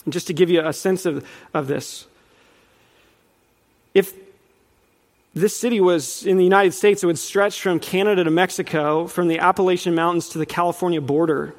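High-voiced preacher in a reverberant hall. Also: male voice, fairly even intonation, normal speed, long pauses. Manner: earnest, rising in emphasis, quizzes the audience. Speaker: preacher teaching on Revelation. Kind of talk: sermon teaching.

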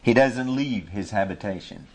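A man preaching an informal sermon, earnestly searching for words with many restarts, and reading scripture slowly. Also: lowish voice, slight background noise. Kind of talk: informal sermon, Bible teaching.

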